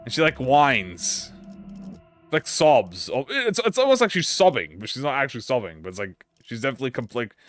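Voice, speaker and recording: A man's voice: mid-range voice, big pitch swings, a little fast, fairly bright tone, no echo, soft background music. A man streaming a game, chatting casually with rambling, profane talk and stammered restarts. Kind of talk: casual live-stream chat.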